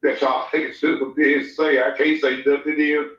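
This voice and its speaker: A man's voice: a little high, level tone, brisk, a bit bright. A man on a remote call in a casual podcast chat, rambling in stop-start sentences and laughing at his own stories. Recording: roomy, distant, dull remote audio.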